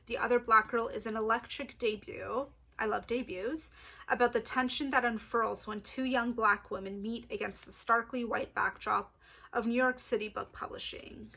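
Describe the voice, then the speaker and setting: A young woman chatting casually to camera about books she plans to read, excitable and quick to apologise. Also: a little high. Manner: chatty, excitable, apologetic asides, laughs often. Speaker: book vlogger. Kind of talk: casual book chat to camera.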